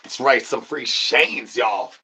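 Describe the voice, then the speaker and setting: A man's voice: medium pitch, takes it slowly, sharp tone, slightly rough. A man streamer doing an absurd comedic rant, rambling in nonsense with stuttered repeats and sing-song catchphrases.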